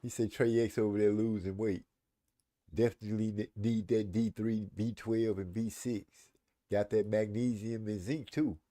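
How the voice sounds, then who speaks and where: A man co-hosting a casual live-stream show, relaxed, reading viewer comments aloud. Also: lowish voice, normal speed, dry recording, clean studio sound. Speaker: podcast co-host reading chat.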